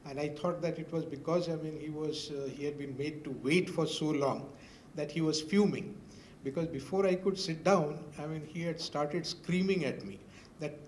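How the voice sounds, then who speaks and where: A man's voice: a little high, fairly even intonation, moderate pace, darkish tone, reverberant, slight background noise. An older man with an Indian English accent, a former newspaper editor speaking on a university panel in a hesitant storytelling way full of "I mean" fillers.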